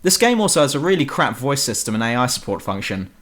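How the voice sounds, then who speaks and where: Sweary sarcastic British game reviewer. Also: male voice, mid-range voice, sing-song, fast, a bit bright. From Britain. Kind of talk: ranting game review voice-over. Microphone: home computer mic.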